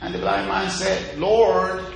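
A man's voice: sits high, slow pace, creaky. Echoey male preacher with rising exclaims. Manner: rising to loud exclaims of praise, scripture quoted in a singing lilt. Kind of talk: sermon. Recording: very echoey room, faint ambience.

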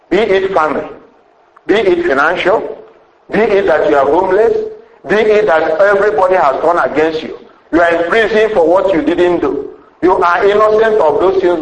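A man's voice: a little high, echoey room, low-quality recording. A man preaching a sermon with emphasis, rhetorical questions and a repeated refrain.

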